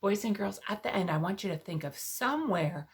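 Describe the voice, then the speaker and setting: A woman teaching preschoolers a Bible story and verse, speaking directly to the children in a sing-song, coaxing way and often dropping to a soft hush. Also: mid-range voice, lively intonation, a little fast. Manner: drops to a soft hush for emphasis.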